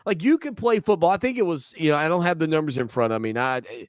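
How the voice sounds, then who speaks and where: A man hosting a sports talk show, giving rambling, animated opinions with frequent restarts and repeated words. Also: fairly high pitch, quick pace, no echo, clean studio sound. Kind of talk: casual sports talk monologue.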